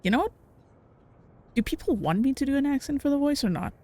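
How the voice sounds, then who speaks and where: A woman's voice: high-pitched, expressive, fast, dark tone. Chatty joking woman streamer. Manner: chatty, joking, swears, reads game text aloud. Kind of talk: casual let's-play commentary.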